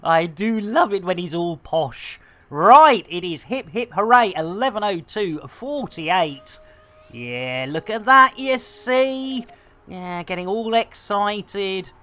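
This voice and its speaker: Lively woman streamer. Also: mid-range voice, takes it slowly. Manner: bubbly, jokey, breaks into shouts and laughs. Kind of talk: casual live-stream chat.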